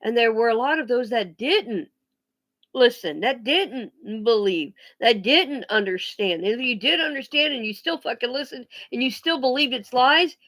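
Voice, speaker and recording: A woman's voice: fairly high pitch, lively intonation, fairly bright tone. A woman ranting bluntly on a casual vlog, swearing freely and often restarting her sentences. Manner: blunt, profane, emphatic; halting restarts and pauses. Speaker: vlogger.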